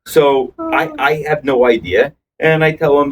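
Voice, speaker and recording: A man's voice: mid-range voice, big pitch swings, moderate pace, few pauses, recorded from a distance, a little hiss or hum, poor audio. A man co-hosting a casual podcast, telling long rambling anecdotes with restarts and acted-out quotes. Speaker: podcast co-host. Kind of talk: casual storytelling chat.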